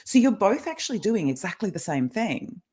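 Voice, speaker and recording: A woman's voice: mid-range voice, sing-song, brisk, darkish tone. A middle-aged woman guest explaining ideas in a casual interview over a video call, talkative and laughing often. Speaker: guest, kinesiologist and life coach.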